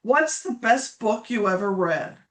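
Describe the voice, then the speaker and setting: A woman's voice: medium pitch, lively intonation, measured pace, fairly bright tone. A woman hosting a casual chat in an upbeat, eager way. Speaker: host.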